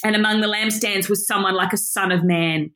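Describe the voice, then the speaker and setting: A woman teaching a Bible study with passion, excited and emphatic, often laughing. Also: medium pitch, a little fast.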